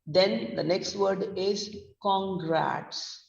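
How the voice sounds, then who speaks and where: A woman speaking extremely slowly, with a medium-pitched voice and vocal fry, gives an online pronunciation lesson in an Indian English accent. She spells words letter by letter and explains where the stress falls, and the audio is dull, distant, and roomy.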